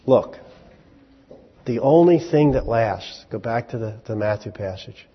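Husky preacher in a reverberant hall. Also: male voice, on the low side, moderate pace. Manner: animated, jumps from hushed to loud in sudden bursts; joking, conversational preaching. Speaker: pastor. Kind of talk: sermon. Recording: long hall reverb, dull lo-fi sound.

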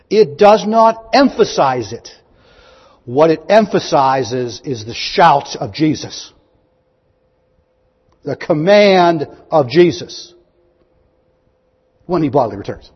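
A man preaching a sermon, reading scripture aloud and asking his listeners questions, rising to loud, high proclamations. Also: breathy edge. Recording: dull, long-echo hall recording.

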